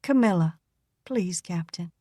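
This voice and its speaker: A woman's voice: medium pitch, unhurried, a little mellow, no room sound, clean studio sound, close to an everyday voice. A woman voicing a poised young Southern woman who teases in an easy, silky drawl. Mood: teasing. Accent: American Southern.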